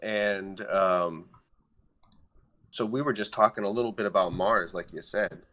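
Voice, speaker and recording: A man speaking as a podcast guest, chatting casually and warmly about astrology over a video call. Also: sits low, unhurried. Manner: friendly, chatty, loose phrasing. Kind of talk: casual astrology chat over a live stream.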